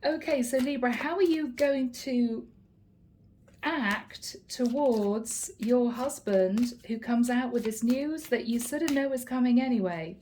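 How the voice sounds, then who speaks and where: A woman's voice: on the high side, a little slow, a little mellow, a little hiss or hum. Playful, teasing woman tarot reader. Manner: playful, teasing, a bit sarcastic. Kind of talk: casual tarot card reading to camera.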